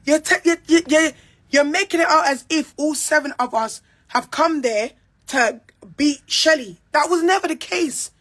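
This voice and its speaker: A woman's voice: high voice, normal speed, a bit bright. A young woman, speaking in a heated, repetitive, confrontational monologue. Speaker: reality show cast member. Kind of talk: angry monologue to camera.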